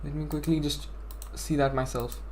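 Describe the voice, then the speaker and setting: A man's voice: fairly high pitch, fairly even intonation, moderate pace, a little mellow, a little hiss or hum. A young man live-streaming a game from his home setup, chatting casually and rambling to his viewers with lots of "bro" and "like". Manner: chatty, rambling, self-deprecating, says "bro" and "like".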